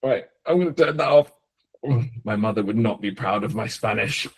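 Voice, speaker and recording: A man presenting a live online webinar, enthusiastic, with quick asides. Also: fairly low pitch, slightly rough.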